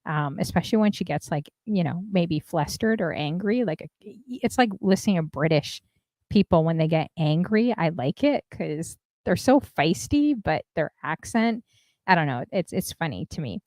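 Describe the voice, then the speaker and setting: A woman's voice: fairly low pitch, lively intonation, normal speed, darkish tone, no room sound, clean studio sound. A woman hosting a casual live stream, chatting, laughing and reading out viewers' comments. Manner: chatty, reads out chat comments, laughs often. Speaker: host.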